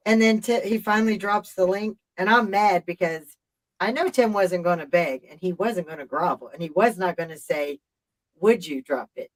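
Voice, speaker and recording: A woman's voice: on the low side, normal speed, rough recording. Emphatic middle-aged woman telling a story. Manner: emphatic, profane, rambling retelling. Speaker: live-stream host. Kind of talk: casual storytelling chat.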